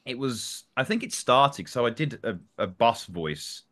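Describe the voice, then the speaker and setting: A man, a voice actor, chatting in an interview in an animated, self-deprecating way, his voice swinging up and down. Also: mid-range voice, unhurried. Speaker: voice actor guest. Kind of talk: casual interview chat.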